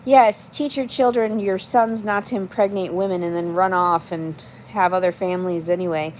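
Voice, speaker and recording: A woman's voice: on the low side, fairly even intonation, normal speed, hardly any pauses, darkish tone, slight background noise. A woman in her thirties livestreaming in casual chat, reading out comments and answering them in a blunt, profane, rambling way.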